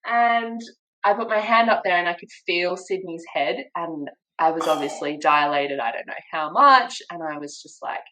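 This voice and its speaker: A young woman with an Australian accent, casually telling a story as a podcast guest, animated and full of quoted voices and laughter. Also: on the low side, normal speed, rough recording.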